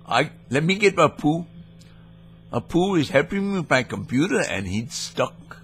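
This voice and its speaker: A man's voice: a little high, very animated, measured pace, a little hiss or hum. A man hosting a scam-baiting video, playing a mock-naive caller with a rambling, playful manner. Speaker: host of a scam-baiting channel. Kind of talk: prank phone call and casual vlog talk.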